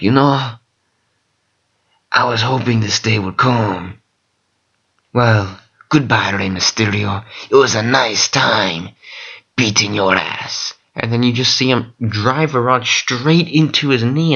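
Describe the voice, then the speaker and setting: A man telling a long rambling story in a casual vlog, excitable and full of fillers. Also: fairly low pitch. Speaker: vlogger. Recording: dull lo-fi recording.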